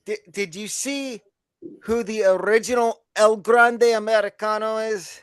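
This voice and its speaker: High-voiced man in casual sports chat. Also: steady tone, measured pace, fairly bright tone, smooth, no room sound. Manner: laughs often while talking. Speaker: podcast co-host.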